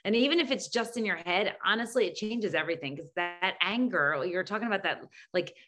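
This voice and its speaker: A woman's voice: medium pitch, lively intonation, fairly quick, over music. A woman hosting a team video call, asking her guest questions and reflecting earnestly on his answers. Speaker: host.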